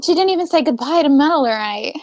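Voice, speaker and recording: A woman at a game table speaks earnestly, stopping and restarting as she goes. Her voice sits a little high and sounds close and dry. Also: animated, quick pace, no room sound. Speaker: player. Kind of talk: casual chat at a game table.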